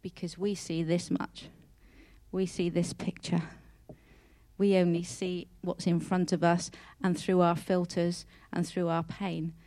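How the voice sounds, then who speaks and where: A woman's voice: on the low side, level tone, unhurried, mellow. A woman speaks in an earnest, heartfelt devotional talk. She sounds openly emotional and often repeats or restarts words mid-phrase. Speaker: Christian speaker.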